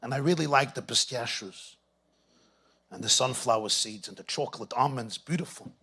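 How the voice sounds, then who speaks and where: Husky-voiced rabbi telling a story. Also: male voice, medium pitch, normal speed. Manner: animated storytelling with Yiddish and Hebrew phrases. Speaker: rabbi speaking at a Shabbaton. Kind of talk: storytelling talk to an audience.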